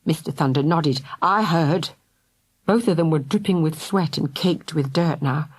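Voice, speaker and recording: A woman narrating a children's audiobook in a lively storytelling manner. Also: sits low, moderate pace, breathy edge, dry recording. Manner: lively, voices each character.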